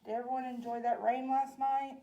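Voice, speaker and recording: A woman's voice: high-pitched, little pitch movement, fairly quick, mellow. A woman in her forties with a Southern US accent, hosting a casual cooking demonstration in a chatty, folksy way. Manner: chatty, folksy, addresses viewers as y'all. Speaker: library program host.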